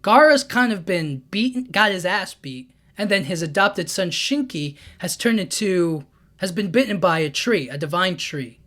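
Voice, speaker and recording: A man voicing a worried grown ninja who explains a crisis haltingly and earnestly pleads for help. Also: high-pitched, expressive, sharp tone. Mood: pleading.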